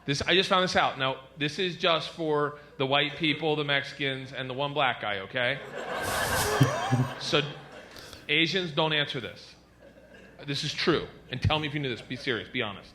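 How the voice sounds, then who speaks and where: A man doing a stand-up comedy routine, loud and animated, jumping into silly voices. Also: fairly high pitch, moderate pace, slight background noise.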